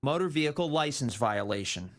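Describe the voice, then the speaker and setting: A man narrating a news report in a measured, even newsreader delivery. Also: medium pitch. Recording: roomy news clip audio.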